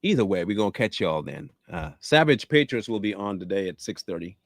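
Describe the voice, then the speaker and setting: A man's voice: fairly low pitch, sing-song, a little fast, no room sound, clean studio sound. A man hosting a casual live show, rambling and repeating himself as he chats with viewers. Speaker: host. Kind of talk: casual livestream sign-off chat.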